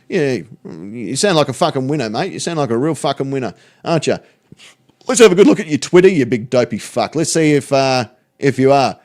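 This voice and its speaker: A man's voice: mid-range voice, big pitch swings, brisk. A man with an Australian accent, hosting a channel and reacting to social media posts in a sweary, sarcastic way. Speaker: channel host.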